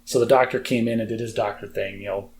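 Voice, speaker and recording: A man's voice: on the low side, fairly even intonation, fast talker, a little mellow, a little hiss or hum. An American man co-hosting a podcast, talking in a chatty, self-deprecating way with lots of fillers. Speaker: podcast co-host. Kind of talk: casual chat.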